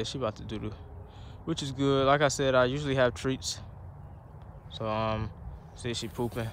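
A man's voice: medium pitch, a bit bright, slight background noise. A man talking casually on a dog walk, rambling with lots of fillers and breaking off to give his dog commands. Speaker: dog owner vlogger. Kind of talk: casual vlog chat.

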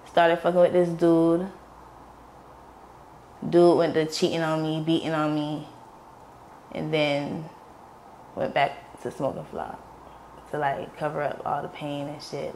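A woman's voice: low-pitched, flat delivery, takes it slowly, long pauses, a little mellow, slight background noise. Blunt, profane young woman telling her story. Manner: blunt, profane, acts out voices in her stories. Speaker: interview guest. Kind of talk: candid storytelling.

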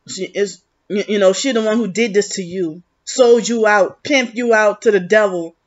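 A woman's voice: mid-range voice, measured pace. A woman vlogging in a rambling, agitated, accusatory monologue, full of restarts. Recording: muffled lo-fi recording.

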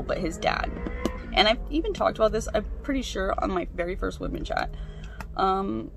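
A woman's voice: mid-range voice, creaky, slight background noise. A young woman chatting casually while she crafts, venting and swearing freely. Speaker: craft vlogger.

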